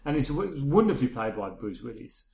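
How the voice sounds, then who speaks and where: A man's voice: medium pitch, sing-song, fast, vocal fry, dark tone, reverberant. A middle-aged man co-hosting a casual podcast chat, rambling and retelling scenes with quoted dialogue. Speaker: podcast co-host.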